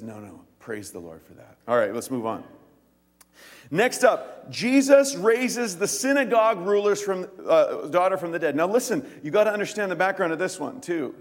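A man preaching a sermon as pastor, telling stories in an animated way and acting out the quoted lines in quick voices. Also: high-pitched, big-room sound.

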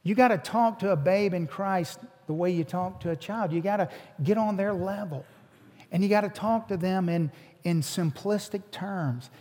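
A man's voice: high voice, moderate pace, a little mellow. A man preaching a sermon as a pastor, earnest and repeating his words as he builds each point. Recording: long hall reverb.

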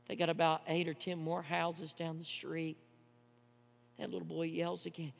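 Impassioned preacher, high gravelly voice. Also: male voice, flat delivery, a little fast. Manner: swings from hushed storytelling to loud impassioned preaching. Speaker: pastor. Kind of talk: sermon. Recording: long hall reverb with mains hum.

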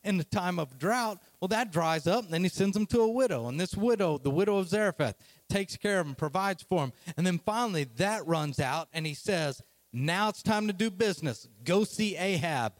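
High-voiced man preaching casually. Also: fairly quick, few pauses, dry recording. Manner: lively casual storytelling, slangy. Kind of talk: sermon.

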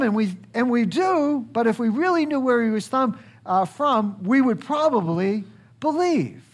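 Pastor, male, high voice, unhurried sermon delivery with rhetorical questions. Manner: preaching with rhetorical questions and acted quotes; slow and emphatic, swinging high for quotes and dropping low.

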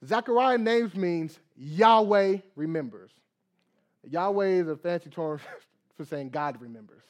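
A young man preaching a sermon as pastor, reading scripture, praying, and acting out little dialogues with lively energy. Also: high-pitched, unhurried. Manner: animated preaching with acted dialogue and prayer.

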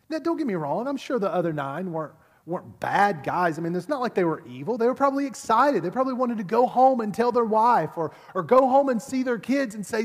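A man's voice: high voice, sing-song, moderate pace. A pastor preaching a sermon at a church service in a casual, conversational way, often repeating words as he builds a point. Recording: long reverb of a large hall.

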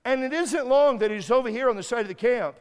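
High-voiced man preaching in a hall. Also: quick pace, clear, resonant tone. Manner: emphatic, repeats words and restarts, acts out prayers. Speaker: guest preacher. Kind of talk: sermon. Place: church sanctuary. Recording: long hall reverb.

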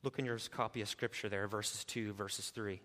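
A man's voice: fairly low pitch, fairly even intonation, normal speed. Preaching man in a reverberant church. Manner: builds from quiet to loud emphatic preaching. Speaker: pastor. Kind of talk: expository sermon.

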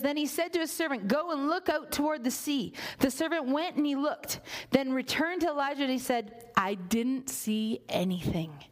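A woman with a high voice preaches a sermon. She tells the story with energy, acts out the characters' lines, and drops to a whisper to drive a point home.

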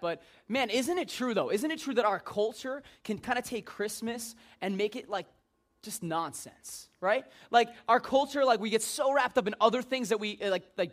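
A young man speaking to a youth group, rambling through funny anecdotes and acting out the voices of the people in them. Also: high voice. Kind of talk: casual storytelling to a group.

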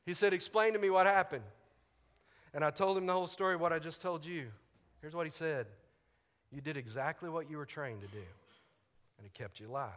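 Preacher telling a story in a reverberant hall. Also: male voice, a little high, fairly quick, pauses often. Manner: animated storyteller, acts out radio dialogue, laughs often. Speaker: pastor. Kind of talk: sermon with personal story.

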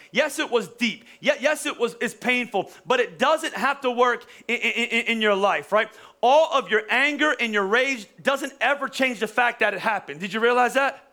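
A man's voice: very high-pitched, creaky, sharp tone. A man in his forties preaching a sermon in a conversational, joking way, often restarting his sentences. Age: 40s. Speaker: pastor.

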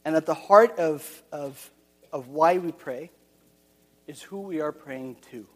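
A man's voice: a little high, slow, a bit bright, long reverb tail. A man preaching a sermon, earnest and repeating his key phrases, with frequent restarts.

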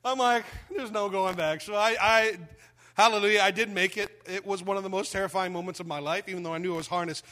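A man preaching a sermon, telling a personal story with lively quoted voices and dramatic pauses. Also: high voice. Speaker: pastor.

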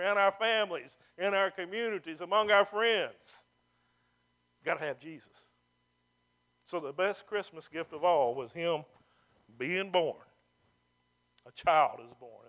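A man's voice: high-pitched, bright, forceful tone. A man preaching a sermon as pastor, building to emphatic calls and stretching out key phrases.

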